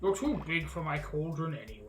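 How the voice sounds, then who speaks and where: A woman's voice: low voice, lively intonation, fairly quick, over music. A woman voicing a grumpy old female alligator witch in a game, with a put-on Southern drawl and a sardonic manner. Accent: put-on American Southern.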